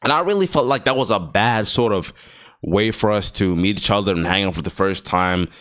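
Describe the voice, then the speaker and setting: A man's voice: lowish voice, fairly quick, a bit bright. A young man vlogging a casual storytime, slangy and profane, laughing often and sometimes dropping to a near-whisper.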